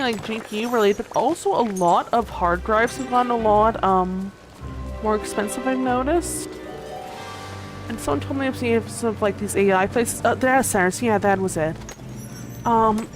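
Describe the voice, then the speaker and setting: A young woman livestreaming a game, chatting casually and a bit sleepily, rambling with lots of fillers and restarts. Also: on the high side. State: sleepy, yawning. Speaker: gaming streamer. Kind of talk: casual livestream chat while gaming.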